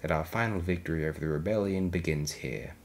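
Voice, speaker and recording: A man reads as a calculating alien grand admiral, controlled and quietly deadly. The voice sits very low and stays hushed, never raised. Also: fast, a little hiss or hum. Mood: quiet menace.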